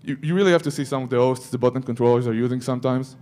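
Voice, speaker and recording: A man's voice: medium pitch, racing, darkish tone. A man giving a security conference talk, breaking into joking asides to the audience. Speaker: conference speaker.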